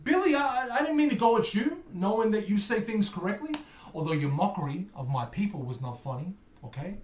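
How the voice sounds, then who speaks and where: A man's voice: high-pitched, animated, a little fast, darkish tone, echoey room, a little hiss or hum. A man hosting a music reaction video, chatting casually with playful, teasing, self-mocking banter.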